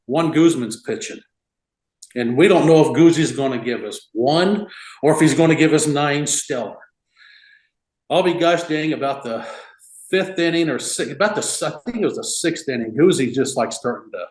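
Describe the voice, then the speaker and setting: A man in his fifties, a retired relief pitcher, telling old stories as a guest in a casual rambling way full of "you know" and chuckles. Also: normal speed, reverberant, low-quality recording. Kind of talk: casual storytelling interview.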